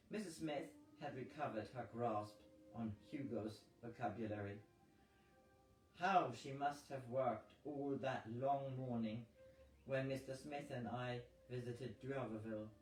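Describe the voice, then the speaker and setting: A man reading a novel aloud in a slow, measured way, with occasional slips. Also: mid-range voice. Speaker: audiobook reader. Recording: roomy, distant mic with faint noise.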